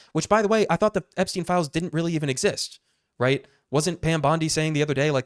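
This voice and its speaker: A man's voice: on the high side, fast talker, no room sound, clean studio sound. A man hosting political commentary, talking in a sarcastic, incredulous way.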